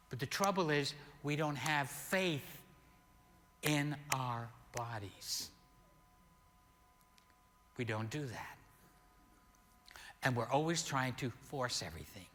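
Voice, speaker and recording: An older man preaching as a pastor, telling a healing story slowly and animatedly, with sudden loud peaks. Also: mid-range voice, animated. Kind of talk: sermon storytelling. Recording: long hall reverb.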